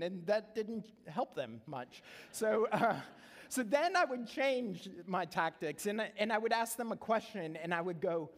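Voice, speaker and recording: A man's voice: high-pitched, normal speed. A middle-aged man preaching a sermon as pastor, earnest and conversational, repeating key phrases for emphasis. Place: church sanctuary. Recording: long reverb of a church hall.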